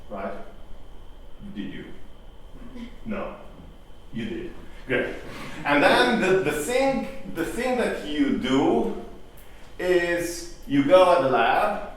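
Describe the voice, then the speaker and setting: A man giving a conversational conference talk, often asking the audience rhetorical questions and restarting his phrases. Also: medium pitch. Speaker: conference speaker. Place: conference hall. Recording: echoey hall, distant mic, faint noise.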